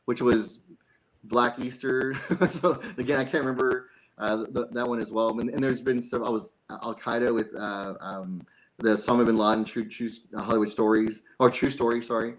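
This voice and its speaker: A man's voice: medium pitch, fairly even intonation, normal speed, low-quality recording. A man being interviewed as a guest actor, chatty and self-joking, often laughing. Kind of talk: casual interview chat.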